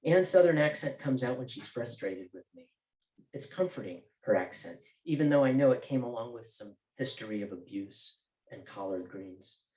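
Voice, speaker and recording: A man's voice: medium pitch, lively intonation, moderate pace, warm tone. Man reading his novel in a roomy bookstore. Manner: casual, joking asides. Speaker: author. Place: bookstore event.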